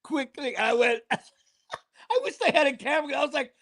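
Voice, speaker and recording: A man's voice: extremely high pitch, very animated, moderate pace, fairly bright tone. A middle-aged man hosting a casual podcast, telling rambling stories full of fillers and restarts. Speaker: podcast host. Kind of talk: casual chat.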